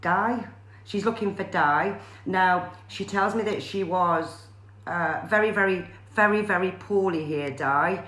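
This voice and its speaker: A woman psychic medium, doing a live-streamed spirit reading in a halting way full of fillers and pauses. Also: lowish voice, a bit bright, echoey room. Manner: hesitant, many fillers and pauses.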